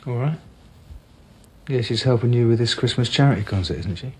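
A man's voice: mid-range voice, brisk, darkish tone, husky, lightly acted. A man playing an easygoing village constable. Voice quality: casual, easygoing.

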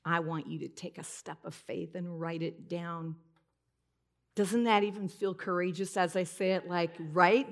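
A woman preaching in church with a gravelly, creaky edge to her voice. She talks casually and personally, moving from easy chat into tearful emotion as she tells her story. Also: lowish voice, steady tone, measured pace. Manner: conversational, emotional, breaks into tears while retelling.

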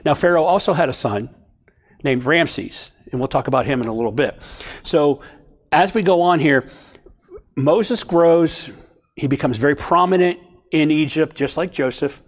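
A man's voice: a little high, lively intonation, normal speed. A man leading a Bible study for a small group, talking casually and checking in with his listeners as he goes. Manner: conversational, checks in with "okay?".

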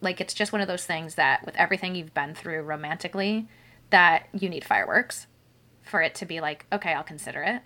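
Bright-voiced chatty woman host. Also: fairly low pitch, a little fast. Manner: chatty storytelling, many fillers. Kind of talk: casual chat.

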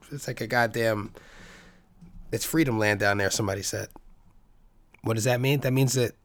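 A man's voice: mid-range voice, gravelly, no echo. A man ranting casually, swearing often and restarting his sentences. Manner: profane, rambling, restarts often. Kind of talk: casual rant.

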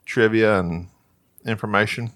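A man's voice: lowish voice, fairly even intonation, unhurried, fairly bright tone, no room sound, studio quality. A man from Texas with a Southern accent, playfully reading out trivia and joking as a podcast co-host. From Texas, USA. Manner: playful, laughing, reads trivia aloud. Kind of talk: casual chat.

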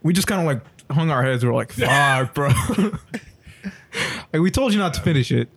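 A man's voice: fairly high pitch, lively intonation, moderate pace, vocal fry, slightly rough. A young man in casual chat, telling a work story with lots of laughter and slang.

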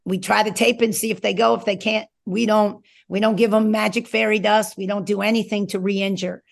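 A woman's voice: mid-range voice, little pitch movement, a little fast, creaky. A woman who coached in college, chatting casually and emphatically about sports on a talk show. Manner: conversational, emphatic, rambling asides. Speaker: former college coach, guest.

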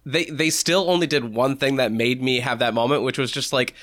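A man chatting casually on a podcast, animated, filling his speech with "like" and casual swearing. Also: medium pitch, a little fast. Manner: animated, heavy use of 'like', swears casually. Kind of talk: casual chat.

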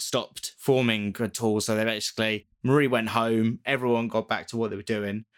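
A man's voice: mid-range voice, a bit bright. A man casually retelling a ghost story to a co-host, rambling and joking, often breaking off to laugh at his own tangents.

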